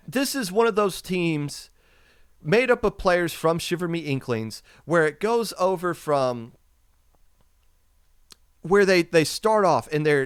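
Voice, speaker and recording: A man hosting a podcast, delivering an emphatic, impassioned rant and repeating his points, his voice going hoarse. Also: on the high side, no echo, clean studio sound. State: losing his voice. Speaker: podcast host. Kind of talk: opinionated esports podcast rant.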